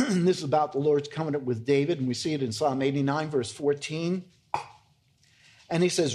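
Pastor guy preaching, earnest and emphatic, calls everyone folks, voice a bit on the high side. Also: normal speed, darkish tone. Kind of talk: expository sermon.

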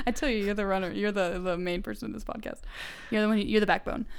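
A woman's voice: medium pitch, brisk, creaky, clean tone. Giggly young woman podcast co-host. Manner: giggly, acts out scenes in quoted voices. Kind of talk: casual chat.

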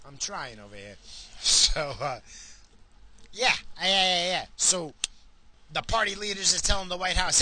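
A man's voice: high voice, expressive, measured pace, long pauses, bright, forceful tone, a little hiss or hum, rough recording. A man in his forties hosting his own podcast, rambling and swearing through a casual rant. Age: 40s. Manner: profane, rambling, ranting. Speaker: podcast host.

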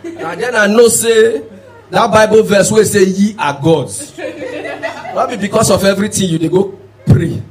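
A man telling a stand-up story in Nigerian Pidgin English, animated and punchy, moving from quiet asides to shouted punchlines. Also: high voice, moderate pace, rough recording. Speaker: stand-up comedian. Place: live comedy show before an audience. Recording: loud audience laughter throughout.

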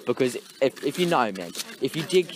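A man's voice: mid-range voice, very animated, normal speed, a little hiss or hum, close to an everyday voice. Brash Jack, a crude young South African man played by a man for a comedy skit, speaks in a mock accent. His voice swoops up and down. He curses freely and tags "man" onto everything. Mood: boisterous. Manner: swearing, ends sentences with "man".

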